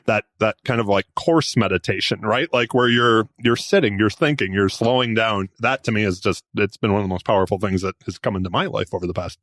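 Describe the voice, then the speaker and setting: A man hosting a podcast, asking questions in a quick, casual way full of fillers. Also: lowish voice, a bit bright, no echo, clean studio sound. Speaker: podcast host. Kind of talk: conversational interview.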